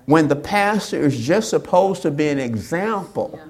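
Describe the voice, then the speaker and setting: A woman pastor preaching a sermon, acting out quoted lines with big swings in pitch and loudness. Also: lively intonation, normal speed.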